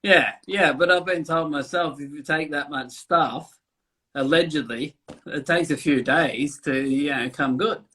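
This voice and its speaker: A man's voice: on the high side, unhurried, bright, forceful tone. A man, a tattoo artist rambling through stories with fillers and swearing. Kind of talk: casual chat.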